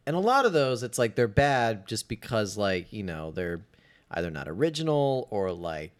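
A man co-hosting a casual movie-review podcast, who talks in an animated way and acts out imagined conversations. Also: lowish voice, normal speed. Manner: animated, acts out imagined dialogue in shifting voices. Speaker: podcast co-host.

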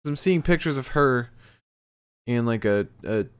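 A man's voice: mid-range voice, animated, unhurried, clear, resonant tone. A man hosting a podcast, casually recapping a show with loose, rambling speech. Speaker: podcast host recapping wrestling. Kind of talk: casual chat.

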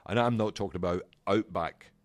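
A middle-aged man on a podcast, telling an animated, exasperated anecdote in casual chat. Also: deep voice, brisk, dry recording. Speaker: podcast co-host.

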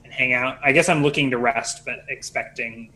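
A man's voice: mid-range voice, fairly even intonation, moderate pace, sharp tone, poor audio. A man playing a tabletop game, joking around and laughing often. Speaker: player.

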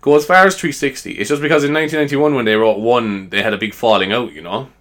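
A man's voice: mid-range voice, fast, a bit bright. A man talks alone in a loose, rambling chat. He is self-amused and leans on fillers as he goes. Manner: chatty, self-amused, lots of fillers and laughs. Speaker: podcaster.

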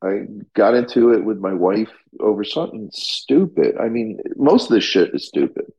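A man's voice: on the low side, expressive, normal speed, a little mellow, lo-fi sound. A middle-aged man, a firefighter and paramedic, tells his story in an interview in a raw, blunt way, swearing freely and restarting his sentences.

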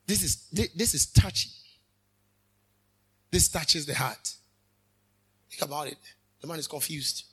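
A male minister delivers a fervent sermon. His voice sits high and sharp with a husky, breathy edge. He swings from hushed asides to sudden loud bursts. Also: a little slow, pauses often.

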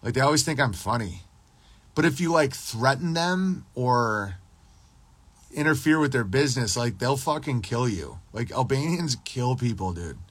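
A man's voice: mid-range voice, lively intonation, normal speed, slightly rough, dry recording. A man hosting a casual livestream podcast, ranting in a crude, profane, rambling and boastful way while answering his live chat.

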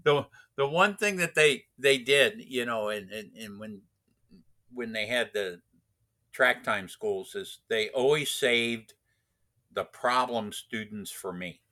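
A man tells a long anecdote in a casual, rambling way, circling back with restarts and fillers. He talks slowly, and his voice has a very bright tone. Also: mid-range voice. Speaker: racing driver instructor. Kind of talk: casual storytelling.

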